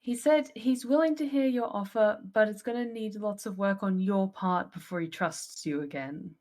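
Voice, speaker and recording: A woman playing a tabletop role-play game, calm and polite as she speaks in character. Her pitch sits in the middle for a woman. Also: normal speed. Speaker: player.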